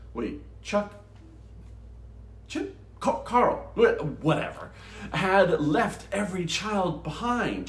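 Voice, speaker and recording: A man hosting a book channel, reading passages from a novel aloud in an expressive, dramatic way and acting out the dialogue. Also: high voice, roomy sound. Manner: animated, acts out dialogue with shouts. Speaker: booktube host reading from novels.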